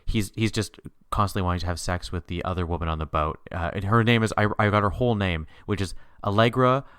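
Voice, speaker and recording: A man co-hosting a podcast, chatting about a TV miniseries in an animated way, laughing often with sudden upward jumps in pitch. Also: fast talker, clean tone, no echo, clean studio sound. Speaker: podcast co-host. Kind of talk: casual chat recapping a TV miniseries.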